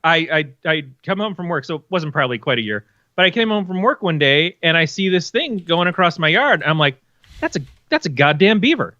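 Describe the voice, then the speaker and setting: Bright-voiced swearing podcast co-host man. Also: on the high side, a little fast, few pauses, no room sound, dull audio. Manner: swearing, animated storyteller. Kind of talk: casual chat.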